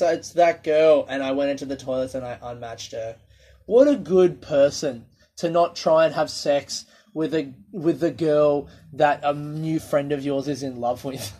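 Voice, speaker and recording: A man's voice: medium pitch, darkish tone. A young man with an Australian accent, a stand-up comedian telling self-mocking stories, swearing freely and acting out the people he quotes. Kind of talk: casual storytelling monologue.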